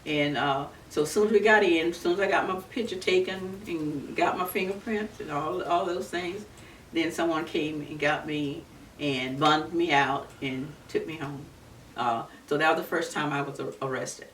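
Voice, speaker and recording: A woman in her seventies from Florida, recalling her civil rights days in an earnest, unhurried oral-history telling. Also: sits low. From Florida, USA. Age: 70s. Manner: earnest, unhurried storytelling with many restarts. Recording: roomy, distant mic with faint background noise.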